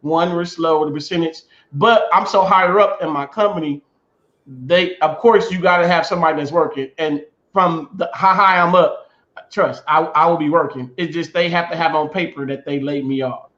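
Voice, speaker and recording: An animated man from the US Midwest co-hosts a casual chat, retelling stories with restarts and laughs. His voice sits fairly high. The sound is roomy and slightly dull. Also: normal speed. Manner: animated storytelling, repeats himself, laughs. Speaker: podcast co-host.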